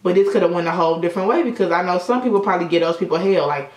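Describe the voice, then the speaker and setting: A woman's voice: fairly low pitch, racing, darkish tone. Give me a young woman casually talking through a makeup tutorial in an echoey room. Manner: chatty storytelling with frequent swearing. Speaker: beauty vlogger. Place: indoor room at sunset.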